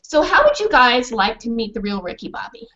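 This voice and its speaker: Animated woman author on a video call. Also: on the high side, fairly quick, dull audio. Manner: animated, questioning the children. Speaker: children's author. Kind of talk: storytelling and class discussion.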